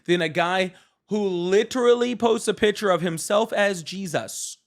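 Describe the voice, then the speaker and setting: A man hosting a live political call-in show, pressing a caller hard with quick arguments while trying not to sound harsh. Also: sits high. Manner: pressing, argumentative, apologetic about roasting.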